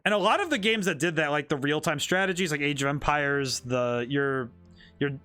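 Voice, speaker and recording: A man's voice: on the high side, normal speed, bright, forceful tone. A man, a game designer, chatting casually while streaming a game, rambling and thinking aloud with many restarts. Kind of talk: casual gameplay commentary.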